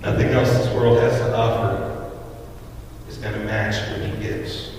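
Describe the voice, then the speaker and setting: A man's voice: mid-range voice, flat delivery, unhurried, a little mellow, a little hiss or hum. Earnest man preaching in an echoing hall. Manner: earnest, direct to congregation. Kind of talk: sermon. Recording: echoey hall from far off, faint ambience.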